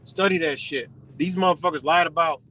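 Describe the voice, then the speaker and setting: A man's voice: a little high, fairly quick, bright, forceful tone, a little hiss or hum. A man, ranting profanely and rambling through a casual livestream while he drives his car. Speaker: livestream host.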